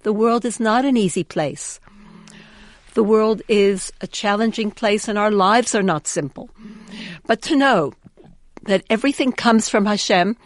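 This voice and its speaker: A woman's voice: mid-range voice, measured pace, dry recording. A woman giving an inspirational storytelling talk in an earnest, emphatic way, often repeating words for weight. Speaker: inspirational speaker.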